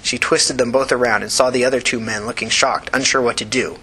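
A man's voice: medium pitch, steady tone, quick pace, few pauses, sharp tone, husky, rough recording. A man narrating a novel chapter for a fiction podcast, with tense, driving storytelling. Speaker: audiobook narrator.

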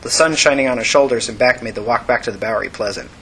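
A male narrator gives a steady, even audiobook reading in a mid-pitched voice. His delivery is plain and controlled, and a faint hiss sits under the recording. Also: fast talker, low-quality recording.

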